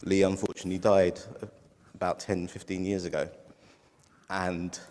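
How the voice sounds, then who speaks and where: Deep-voiced man preaching in a hall. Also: little pitch movement, moderate pace, a little mellow. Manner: heartfelt, tearful at times. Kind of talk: sermon. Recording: long hall reverb.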